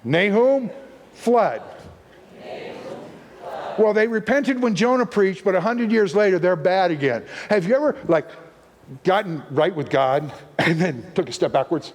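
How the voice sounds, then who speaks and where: A man's voice: high voice, animated, measured pace, long pauses. A man preaching as a guest speaker to a live church audience, playful and full of puns, acting out voices as he teaches. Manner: playful, punning, acts out voices. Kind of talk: sermon teaching. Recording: long reverb of a church hall.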